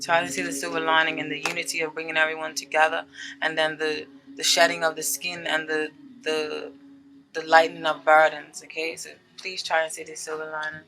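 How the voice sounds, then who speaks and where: A woman's voice: deep voice, completely flat delivery, a little fast, sharp tone, faint music behind, low-quality recording. A woman giving a casual tarot reading to her viewers, chatty and earnest, often checking in with "okay?" as she reads card meanings aloud and comments on them. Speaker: tarot reader.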